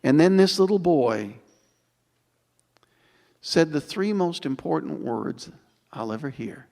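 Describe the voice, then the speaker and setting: Man in his 60s, motivational speaker, slightly high voice, dramatic build-ups, long hall reverb. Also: expressive, gravelly, mellow. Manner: dramatic, building repetitions with slow emphatic pauses. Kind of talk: inspirational storytelling speech. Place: large auditorium.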